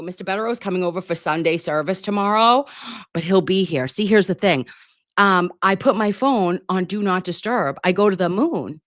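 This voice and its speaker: A mid-range, lively voice at a moderate pace belongs to a nurse in her forties streaming casually on a computer mic. Chatty and giggly, occasionally flustered, she goes through viewer comments and calls people babe. The sound is clean studio quality with no echo.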